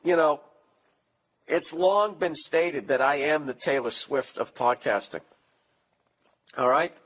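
A man's voice: on the high side, slow, fairly bright tone. A man hosting a comedy podcast, reading listener letters aloud and riffing on them with profane, sarcastic asides. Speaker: podcast host.

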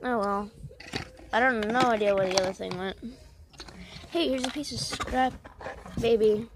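A woman's voice: fairly high pitch, a little slow. A woman rambling and joking in a scattered, silly way while making a casual video. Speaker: video maker. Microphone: headphones on, yelling at times. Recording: noisy hiss behind voice.

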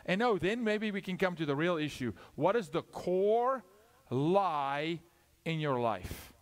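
Impassioned male preacher, pitch swinging wildly. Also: expressive, measured pace. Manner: dramatic, swinging from loud calls to hushed asides; asks questions, acts out dialogue. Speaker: guest preacher. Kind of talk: sermon.

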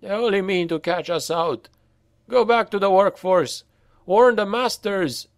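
A man doing a shrill, frightened starving slave. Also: a little slow, no echo, studio quality. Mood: frightened suspicious. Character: terrified half-starved male slave, suspicious.

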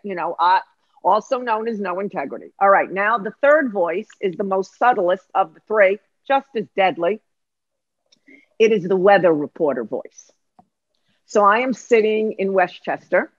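A middle-aged woman, an executive life coach, explaining ideas in an emphatic, lively way on a podcast. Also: medium pitch, dry recording, lo-fi sound. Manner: emphatic, lively, acts out voices. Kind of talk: animated teaching in conversation.

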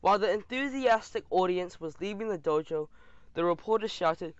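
A man reading an audiobook in an animated, expressive way. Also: high voice, normal speed, smooth. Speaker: audiobook narrator. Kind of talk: scripted audiobook narration. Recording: dull dry audio.

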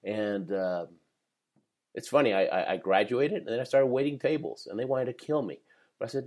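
Lively, laughing man in his fifties telling stories. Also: mid-range voice, quick pace. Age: 50s. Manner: energetic storyteller who laughs often. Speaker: guest, professional speaker. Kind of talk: podcast interview storytelling.

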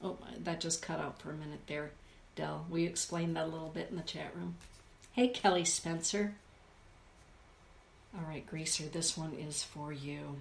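A woman's voice: deep voice, fairly even intonation, moderate pace, creaky, roomy sound, a little hiss or hum. A woman hosting a live stream, reading oracle cards and reflecting aloud as she addresses her chat viewers by name. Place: indoor room with a forest view.

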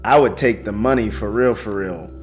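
A man's voice: lowish voice, moderate pace, soft background music. A young man casually commentating a story video game for viewers, joking and chatting to them. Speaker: gaming YouTuber. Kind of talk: let's play commentary.

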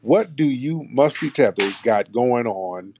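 A man's voice: mid-range voice, expressive, slow pace, darkish tone, a little hiss or hum. A man hosting a call-in talk show, blunt and mocking in manner. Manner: blunt, mocking, puts on voices to mimic callers. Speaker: host.

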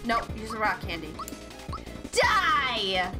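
A woman streaming a video game, chatting casually into a desk mic, excitable, laughing often and swearing offhandedly. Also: fairly high pitch, takes it slowly. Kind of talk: casual gaming stream commentary. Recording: game music playing behind.

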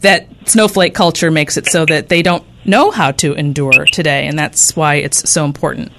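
A woman hosts a radio talk show, earnest and a little halting as she frames her questions. Her voice sits somewhat low. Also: noisy background. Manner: hesitant, many ums and restarts, earnest. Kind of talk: radio interview.

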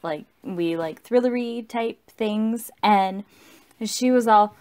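A woman's voice: medium pitch, slow, darkish tone. A tipsy woman rambling through a casual, profane book review and correcting herself as she goes.

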